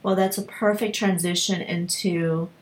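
A woman's voice: lowish voice, fairly even intonation, a little slow. A woman hosting an interview, asking questions in a searching, hesitant way. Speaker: podcast host. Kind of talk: casual interview.

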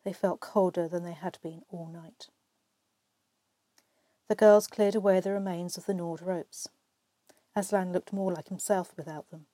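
A woman reading a storybook aloud with expressive, measured narration. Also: lowish voice, dry recording. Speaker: reader.

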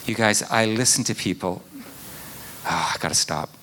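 A man preaching a sermon in an earnest way, at times dropping to a hushed whisper. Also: lowish voice, moderate pace, a little hiss or hum. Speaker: pastor.

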